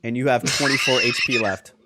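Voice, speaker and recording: A man running a tabletop game, narrating scenes slowly for suspense and laughing between lines. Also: medium pitch, fairly even intonation, heavy background noise. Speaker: game master.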